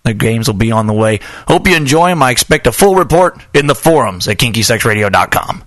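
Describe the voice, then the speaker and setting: A man's voice: medium pitch, animated, a little fast, a bit bright, no room sound. Joking man hosting a podcast. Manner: joking, rambling storyteller. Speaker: podcast host. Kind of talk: casual chat. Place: small home studio.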